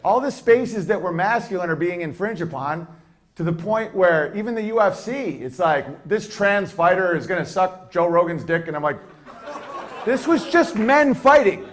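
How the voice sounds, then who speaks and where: A man's voice: high-pitched, animated, normal speed. A man playing a brash male stand-up comic who rambles provocatively and laughs through his lines. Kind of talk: stand-up comedy bit.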